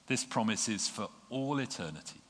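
A man preaching a sermon, earnest and gentle, pausing with small fillers. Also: fairly low pitch, animated. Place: church. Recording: long reverb of a church hall.

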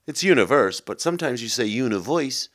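A man who is a comedian hosting a podcast, rambling through absurd improvised chat in a deadpan way with lots of restarts. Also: medium pitch, fairly quick, no room sound, studio quality.

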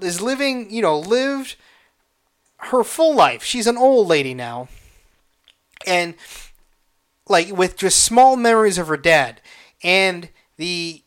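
A man hosting a casual solo podcast, retelling a movie with heavy swearing and halting restarts, emotional and excitable. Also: fairly high pitch, smooth. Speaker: podcast host.

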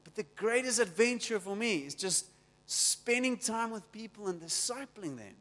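Pastor, high-pitched, lively sermon, long hall reverb. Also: male voice, normal speed.

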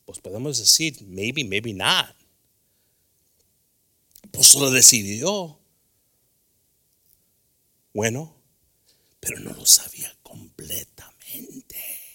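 A middle-aged man preaching a sermon in church, animated and switching between English and Spanish, acting out dialogue as he goes. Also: mid-range voice, slow, pauses often. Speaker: pastor. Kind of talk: bilingual sermon. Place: church sanctuary.

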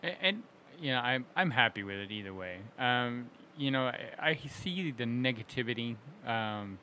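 A man chatting on a panel, animated and quick to laugh, often restarting his sentences. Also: medium pitch, a little hiss or hum. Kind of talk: casual panel chat.

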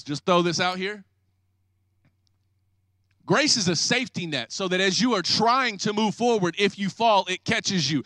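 A man pastor preaching an energetic, joking sermon, acting out people's excuses. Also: very high-pitched, no room sound, studio quality.

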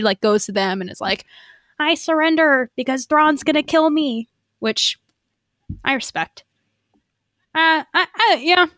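A woman podcast co-host recaps an episode in a loose, chatty way, swearing and slipping into quoted lines. Her voice sits high. The sound is dry and close to the mic. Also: bright, forceful tone, clean tone, no echo. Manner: chatty, profane, lots of fillers and acted quotes.

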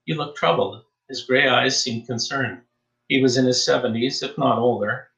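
A man reading a suspense story aloud as audiobook narrator, with steady storytelling delivery and a roomy echo. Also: mid-range voice, normal speed, vocal fry, muffled recording. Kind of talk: scripted narration.

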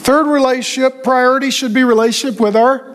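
Pastor guy preaching, high voice, throws in jokes, lively. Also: brisk. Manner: animated, joking asides. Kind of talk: sermon.

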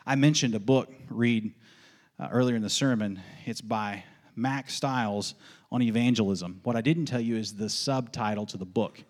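A man preaching a sermon as pastor, emphatic and folksy, repeating questions and answers in a steady call-and-response rhythm. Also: mid-range voice, moderate pace. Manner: folksy asides with light laughs.

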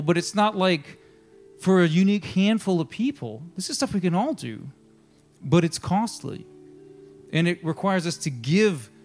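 A man pastor preaching a sermon, telling a story with lively asides and reading passages aloud. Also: high voice. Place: church.

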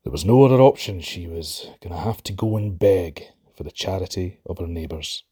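A Scottish man narrating a folk tale with a low, husky voice. His telling is lively and expressive. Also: moderate pace. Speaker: storyteller.

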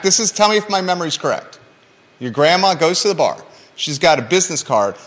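A man's voice: on the high side, sing-song, normal speed, in a large hall. A man hosting a local talk show, reading news items and then bantering playfully with his co-host with lots of teasing questions.

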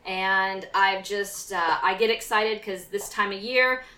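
A woman co-hosting a casual podcast from home, bubbly and quick to laugh. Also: mid-range voice, pushed and bright, echoey room. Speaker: podcast co-host.

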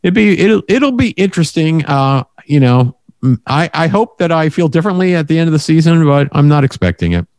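A man co-hosting a casual racing podcast, giving measured opinions and checking in with a "right?". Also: fairly high pitch, sing-song, darkish tone, dry recording. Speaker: co-host.

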